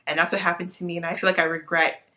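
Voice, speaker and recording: Bright, animated young woman guest. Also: on the low side, very fast, dull audio. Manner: animated storyteller, acts out quotes, many fillers. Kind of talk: casual chat.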